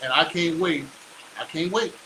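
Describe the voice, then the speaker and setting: A man's voice: fairly high pitch, moderate pace, bright, forceful tone, slight background noise, low-quality recording. A middle-aged man talking on a live stream as a real estate investor, boastful and fired up, preaching like a motivator.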